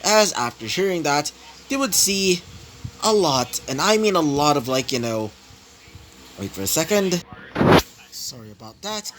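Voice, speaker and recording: A man's voice: on the high side, sing-song, measured pace, pauses often, fairly bright tone, slight background noise, rough recording. Rambling male fan-story narrator. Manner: rambling, many fillers and restarts.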